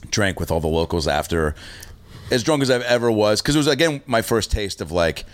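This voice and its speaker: A man with a fairly low voice tells a rowdy road story in easygoing podcast chat. He swears freely and jumps into loud, high impressions of the people he quotes. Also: animated, a little fast. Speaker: stand-up comedian.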